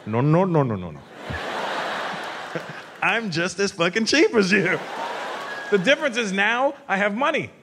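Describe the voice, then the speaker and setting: A male stand-up comedian performing a brash, profane set and acting out characters in quick quoted voices, live on stage. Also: high voice, sing-song. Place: large theater with a live audience. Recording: live stage recording with crowd noise. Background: audience laughter.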